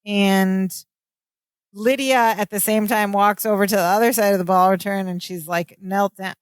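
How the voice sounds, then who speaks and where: A woman's voice: medium pitch, fairly even intonation, moderate pace, no room sound, clean studio sound. A woman co-hosting a podcast, casually retelling sitcom scenes and quoting the characters. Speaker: podcast co-host. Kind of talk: casual chat recapping a sitcom episode.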